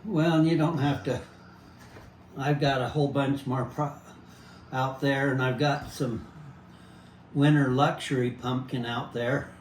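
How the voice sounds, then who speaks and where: An older man talks through his kitchen work in an unhurried, plain way, often stopping and restarting a thought. His voice sits at an ordinary middle pitch. A faint hum of room ambience runs underneath. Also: steady tone. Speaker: home gardener showing pumpkin prep. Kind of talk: casual demonstration chat.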